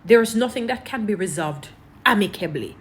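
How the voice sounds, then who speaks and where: A woman's voice: mid-range voice, lively intonation, a little fast. A woman with a Jamaican accent giving emphatic, preachy commentary, repeating her points to her online audience. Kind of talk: casual commentary to camera.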